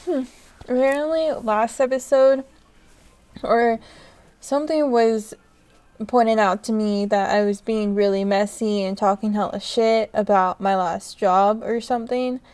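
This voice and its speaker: A woman's voice: on the high side, fairly even intonation, unhurried, darkish tone, clear, resonant tone. A young woman hosting her own podcast in casual solo chat, talking loosely with lots of fillers, frequent laughs and casual swearing, into a podcast microphone. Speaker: podcast host.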